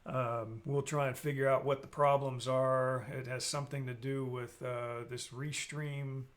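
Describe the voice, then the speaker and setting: A man's voice: mid-range voice, little pitch movement, unhurried. A man hosting a casual live stream, rambling and joking while he reads out viewer comments.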